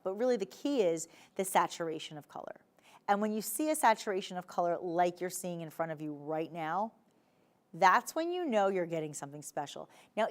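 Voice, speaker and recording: A woman with a New Jersey accent hosting a live TV shopping show, chatty, playful and emphatic as she pitches jewelry in a studio. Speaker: shopping channel host.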